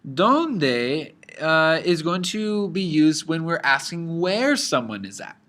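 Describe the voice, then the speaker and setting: A man's voice: on the high side, sing-song, takes it slowly, a bit bright. A man teaching a language lesson from slides, explaining patiently and mixing English with Spanish examples, with frequent fillers.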